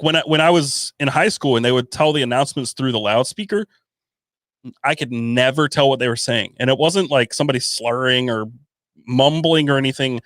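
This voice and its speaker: Clean studio audio without room sound captures a male podcast co-host's medium-pitched voice. He chats casually and relaxedly, with a tendency to mumble.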